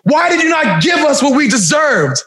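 High-voiced animated male podcast host. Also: moderate pace, echoey room, shouting. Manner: animated, teasing, emphatic. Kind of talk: casual chat.

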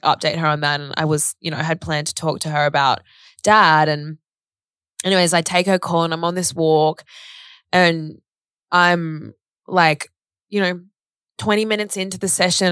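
A woman's voice: deep voice, fairly bright tone, clean tone, no room sound, clean studio sound. A woman with an Australian accent telling an emotional personal story in a chatty way, full of "like" and acted-out quotes. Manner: chatty, fillers of "like", acts out quoted speech.

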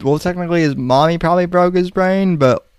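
A man hosting a casual podcast over an online call, speaking slowly and deliberately with pauses and fillers. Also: high-pitched, darkish tone, smooth, dry recording. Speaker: podcast host.

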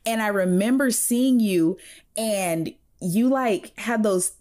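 A woman chats casually on a podcast. She teases and cheers her co-host on at a middling pitch. Her delivery is relaxed and playful. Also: slow. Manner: playful, teasing, affirming interjections. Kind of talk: casual chat.

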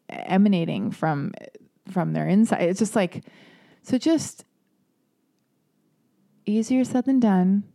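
A woman in casual chat who talks candidly and rambles, with lots of filler words and free swearing. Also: fairly low pitch. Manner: emphatic and animated when worked up.

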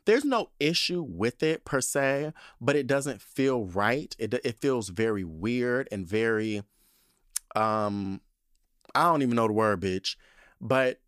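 A man hosting a casual solo podcast, ranting with swearing, exclamations and shrill outbursts. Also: fairly bright tone, no room sound, clean studio sound. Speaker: podcast host.

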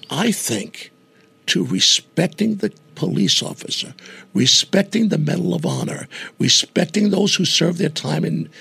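A gravelly older man tells a story in an animated way, taking on the voices of the people in it. His voice is strongly raspy and pitched a little high for a man. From New York. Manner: animated storyteller who acts out quoted voices. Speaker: guest entertainer. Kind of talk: storytelling in conversation.

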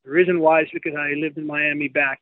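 A man in his fifties calling in to a sports show, chatty and friendly, giving shout-outs. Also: fairly high pitch, little pitch movement, fast talker, dry recording. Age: 50s. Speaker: caller. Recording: dull phone line.

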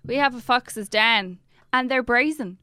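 Irish woman, podcast co-host, teasing banter, slightly high and dry-sounding. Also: measured pace, sharp tone, smooth, no echo. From Ireland. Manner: teasing, chatty. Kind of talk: casual chat.

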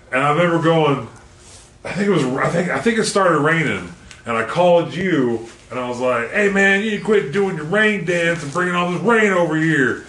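A man's voice: a little high, a bit bright, distant mic. A man in a casual, profane chat, laughing as he tells a story. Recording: echoey room with faint noise.

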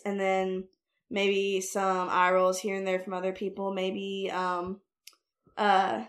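A woman co-hosting a casual podcast, chatty and playful as she trades quips. Her pitch sits in a middle range for a woman. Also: fairly even intonation, measured pace. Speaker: podcast co-host. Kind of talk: casual chat.

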